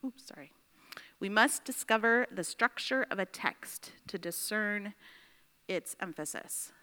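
A woman teaching a Bible study class, dictating slowly with repeated phrases and checking in with her listeners. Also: mid-range voice, animated, pushed and bright, a little hiss or hum. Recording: long reverb in a large room.

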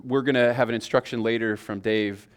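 A man's voice: medium pitch, steady tone, a little fast. A man teaching a class on sermon preparation in a loose, conversational way, with fillers and restarts. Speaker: preaching instructor.

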